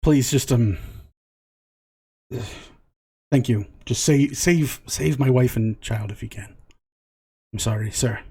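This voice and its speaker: A man voicing a frightened male townsman in a tabletop game, pleading in sighing, halting words. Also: mid-range voice, dark tone, slightly rough, pitched below the performer's own voice, heavily acted.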